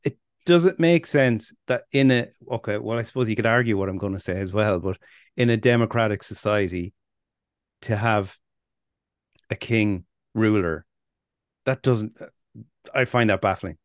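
A man's voice: fairly low pitch, normal speed, long pauses, no echo, studio quality. An Irish man co-hosting a podcast in casual chat, rambling, laughing often and swearing freely. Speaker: podcast co-host.

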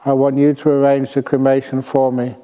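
A man voicing the ghost of a young woman, retelling her words slowly in a story. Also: mid-range voice, monotone, mellow, clear, resonant tone, lightly acted. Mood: urgent. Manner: retold in a slow storytelling voice.

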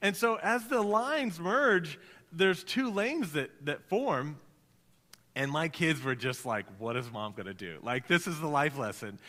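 A man preaching a sermon as pastor, telling stories in an animated way and acting out the voices of the people in them. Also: a little high, takes it slowly. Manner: storytelling, animated, acts out quoted voices. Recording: reverberant hall.

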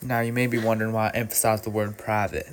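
A man's voice: lowish voice, little pitch movement, fast, lightly acted. A man voicing a sleazy fart delivering a pickup line in a smarmy, flirtatious way.

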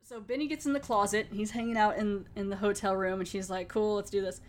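A woman's voice: mid-range voice, fast talker, noisy background. A woman podcast host recapping a TV episode in casual chat, animatedly acting out the characters' lines and laughing often.

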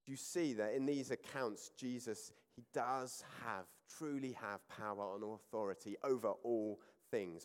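A man preaching a sermon, reading scripture aloud with rising emphasis and then explaining it in calm, conversational reflection. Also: lowish voice, a little slow, smooth. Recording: church hall with long reverb.

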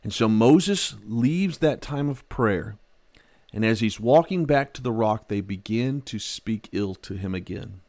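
A man preaching a sermon, animated, swinging from loud outbursts to quiet, low passages. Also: unhurried, no echo. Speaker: pastor.

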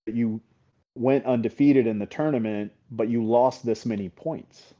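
A middle-aged paintball coach talking as a podcast guest, candid and blunt, swearing freely and often checking in with "right?". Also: male voice, mid-range voice, moderate pace, warm tone. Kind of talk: casual interview talk. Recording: slightly dull podcast audio.

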